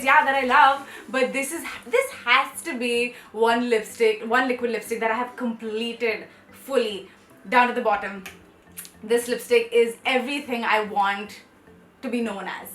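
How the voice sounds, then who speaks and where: A young woman beauty vlogger gushes about her favorite things in a bright, slightly high voice. Her talk is effusive and peppered with "like". The room echoes, and faint music plays underneath. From India. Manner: gushing and effusive, full of fillers like "like". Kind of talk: enthusiastic casual vlog.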